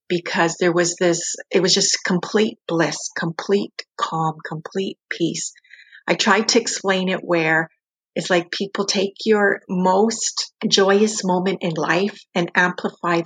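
A woman with a low, husky voice tells her story earnestly and reflectively. She speaks as an interview guest and often pauses on "like." Her tone stays low and breathy throughout. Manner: earnest, reflective, many "like" fillers.

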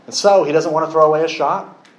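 A man preaching a sermon, telling a story with lively acted-out quotes. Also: fairly high pitch, fast, reverberant, low-quality recording. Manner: animated storytelling, acts out quoted voices.

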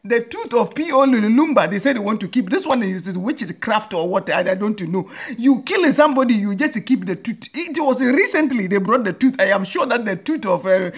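Woman host, comic rallying monologue, laughs through lines, very lively pitch, dull lo-fi sound. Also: slightly rough. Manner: laughs often, repeats phrases for effect; lively, mock-rallying address. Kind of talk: humorous monologue.

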